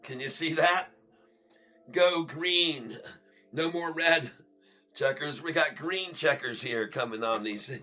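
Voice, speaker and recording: A man in a casual live trading stream who speaks slowly and lingers over every word. His voice is bright and tense, and he keeps laughing and chanting silly rhymes. Soft music runs under him. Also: on the high side. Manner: playful, laughs often, chants goofy rhymes.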